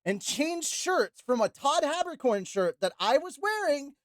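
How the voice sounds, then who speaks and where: An out-of-breath woman voice actor bantering brashly with profanity. Her voice is high and swoops widely. The sound is dry and close. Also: sing-song, unhurried, no echo. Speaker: voice actor reading a novel aloud. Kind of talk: casual banter.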